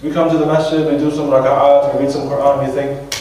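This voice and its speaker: A man's voice: mid-range voice, level tone, quick pace, dark tone, a little hiss or hum. An American man preaching as imam in a reflective, conversational way, often restarting his phrases. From USA. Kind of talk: sermon. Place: large mosque prayer hall. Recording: echoey hall from far off.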